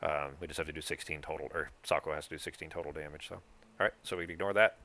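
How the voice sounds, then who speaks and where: Deep-voiced man running a board game. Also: steady tone, rapid-fire, pushed and bright. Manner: thinks aloud, counts moves, swears casually. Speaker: game master.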